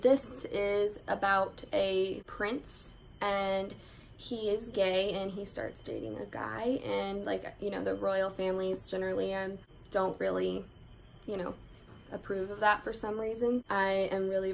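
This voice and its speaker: A woman's voice: medium pitch, steady tone, unhurried, vocal fry, slight background noise, poor audio. A woman chatting eagerly as a book vlogger, full of "like" fillers. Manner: chatty and enthusiastic, many "like" fillers. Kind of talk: casual book haul chat.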